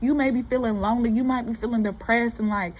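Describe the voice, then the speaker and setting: Animated higher-voiced woman preaching to camera. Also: quick pace, poor audio. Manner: animated, preachy, talks to viewers as "baby" and "y'all". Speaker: motivational vlogger. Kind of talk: casual motivational talk to camera.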